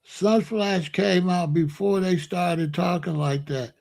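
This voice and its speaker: Gravelly man lecturing insistently. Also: sits high, slow pace, darkish tone. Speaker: streamer host. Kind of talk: livestream commentary answering chat.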